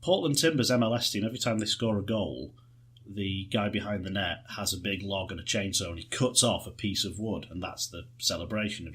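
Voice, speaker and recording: A man co-hosting a podcast, chatting in a lively, enthusiastic way and telling anecdotes. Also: low-pitched, fairly quick, slightly rough. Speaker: podcast co-host. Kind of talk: casual chat.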